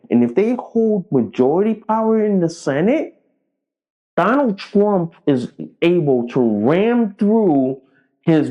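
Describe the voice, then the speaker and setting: A man's voice: fairly high pitch, lo-fi sound. A man delivering a political commentary monologue, blunt and profane, repeating himself as he rallies his viewers.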